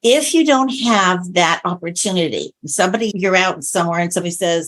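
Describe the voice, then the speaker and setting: Woman, interview guest, meal coach, chatty storyteller, lowish pitch. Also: fairly quick, few pauses. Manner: chatty storyteller, animated retellings. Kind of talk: conversational interview.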